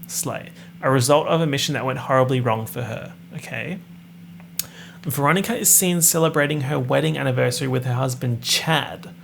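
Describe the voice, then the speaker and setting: Brief: young man, podcast host, gravelly voice, dry sarcastic asides, faint hum under the track. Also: mid-range voice, a bit bright. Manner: sarcastic, wry asides while reading a plot summary. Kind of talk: casual podcast recap.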